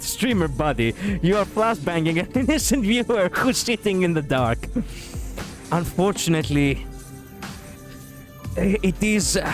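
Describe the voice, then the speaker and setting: Young man, Greek accent, casual stream reaction; slightly high voice, unhurried delivery, excitable and crude. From Greece. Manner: excitable, laughs a lot, swears, jumps between loud and muttered.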